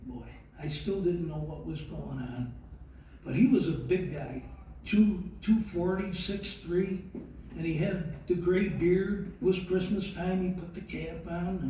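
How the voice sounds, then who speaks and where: An older man, speaking slowly and haltingly with many fillers as he tells a heartfelt personal story in an award speech. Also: high voice, mellow, slight background noise. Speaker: award recipient giving a speech. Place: large event hall. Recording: very echoey hall, voice from far off.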